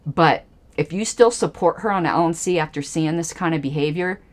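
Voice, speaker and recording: A woman's voice: low voice, normal speed. A woman hosting a livestream, giving angry, emphatic political commentary with pointed repetitions. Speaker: livestream host.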